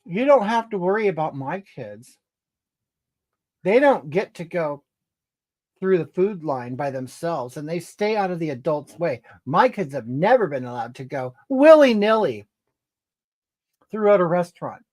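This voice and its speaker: A crude, entitled woman rants and snipes indignantly at her viewers, as a performer plays her for a comedy livestream. Her mid-range voice swings widely up and down with each outraged jab. She rambles and scolds without pause. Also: mid-range voice, big pitch swings, darkish tone. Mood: scolding. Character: crude, entitled, brash middle-aged woman. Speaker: comedy livestreamer reading comments in character. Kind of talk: improvised character comedy.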